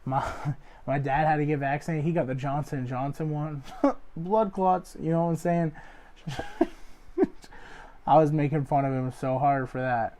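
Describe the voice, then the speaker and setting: A young man, a comedy show host, rambling through a loose joke monologue full of fillers and deadpan asides. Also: a little high, measured pace, long pauses. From Ohio area. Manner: loose, filler-heavy, deadpan jokes with acted quotes. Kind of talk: rambling stand-up style monologue.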